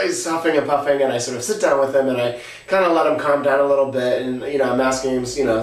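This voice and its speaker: A man hosting a podcast who tells a story casually, halting often with filler sounds. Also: medium pitch. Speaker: podcast host. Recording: roomy, distant from the mic.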